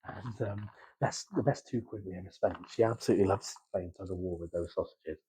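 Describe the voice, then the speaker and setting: Gloucestershire man, soft-spoken ASMR chat, very low and smooth-toned, halting with many pauses. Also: poor audio. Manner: soft-spoken, slipping into whispers. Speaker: ASMR creator.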